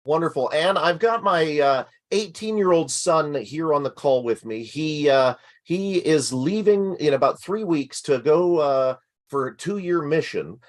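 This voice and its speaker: A man's voice: a little high, expressive, unhurried. A middle-aged man from Canada, speaking on a video call in a polite, somewhat hesitant way.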